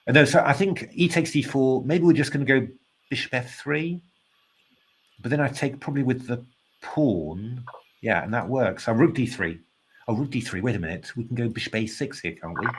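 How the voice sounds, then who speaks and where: Sounding weary and yawning, this man offers relaxed live chess commentary in a medium-pitched, breathy voice. He muses aloud, hesitating often and using many fillers, while staying courteous and self-deprecating.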